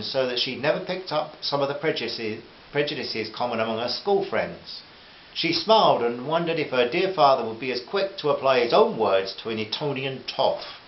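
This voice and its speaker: A man reads his own novel in a relaxed voice, pausing for friendly asides to his listeners. The recording is roomy and a little dull, with a soft hiss underneath. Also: medium pitch. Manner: gentle, chatty asides to listeners. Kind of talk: audiobook narration with character voices.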